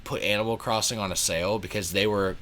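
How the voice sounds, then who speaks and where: A man's voice: on the low side, steady tone, fast talker, fairly bright tone, a little hiss or hum. A man co-hosting a casual podcast chat with the hiccups, rambling and hedging with fillers. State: has the hiccups. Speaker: podcast co-host.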